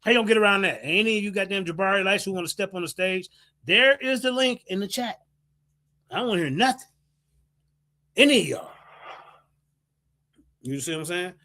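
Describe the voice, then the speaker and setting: A man's voice: high voice, animated, brisk, long pauses, sharp tone. A man hosting a livestream, brash and profane, mocking rivals and reading out sources. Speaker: livestream host. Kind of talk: heated livestream rant.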